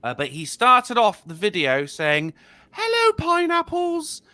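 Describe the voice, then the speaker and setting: A man's voice: fairly high pitch, big pitch swings, measured pace, pushed and bright, no echo. An English man chatting as a guest on a casual online show, swearing and laughing through teasing banter. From England. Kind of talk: casual chat.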